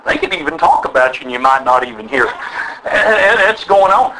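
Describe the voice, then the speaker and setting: A man's voice: on the high side, animated, fairly quick, sharp tone, slight background noise, low-quality recording. An older man preaching a sermon, emphatic and drawing call-and-response from his listeners. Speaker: pastor.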